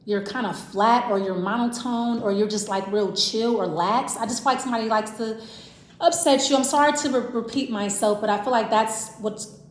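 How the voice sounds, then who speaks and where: Woman tarot reader, casual and rambling, higher voice, roomy echo. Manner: rambling, thinking aloud with restarts and self-repeats. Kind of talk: casual tarot reading to camera. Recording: echoey room.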